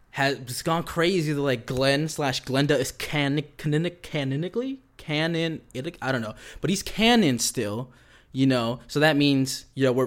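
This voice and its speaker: A man's voice: medium pitch, a bit bright. A man recapping a horror series in a casual, profane chat, with lots of fillers and acted-out quotes. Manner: loose and profane, lots of "like" and "you know"; acts out quoted characters while retelling. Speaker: pop culture commentator.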